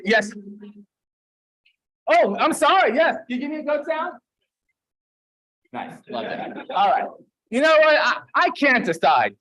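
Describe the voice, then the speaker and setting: Playful male service leader with a strikingly high voice, coaxing the crowd into joining a story. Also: fairly bright tone, rough recording. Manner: playful, encouraging, quick back-and-forth with the crowd. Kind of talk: leading a holiday service with a participatory story. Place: dim room at a congregation gathering.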